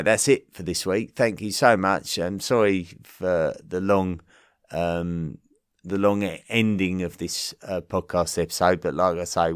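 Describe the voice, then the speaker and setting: A man's voice: deep voice, dry recording, clean studio sound. A man with an Essex accent hosting a podcast, chatting through listener mail with many ums and restarts. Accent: Essex English. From Essex, southeast England. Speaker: podcast host. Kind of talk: casual listener-mail chat.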